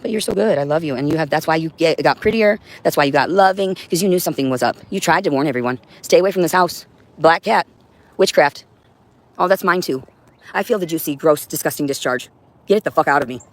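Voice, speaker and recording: Speaking fast in a low voice, a woman hosts a livestream from home, where a cat is with her indoors. She delivers a rambling, intense, profane monologue to her audience.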